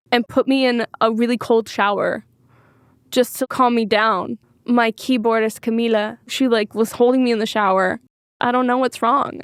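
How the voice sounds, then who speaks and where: A woman's voice: on the high side, clear, resonant tone, dry recording, studio quality. A woman singer-songwriter speaking openly as a podcast guest, rambling and full of filler words. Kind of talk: candid podcast interview.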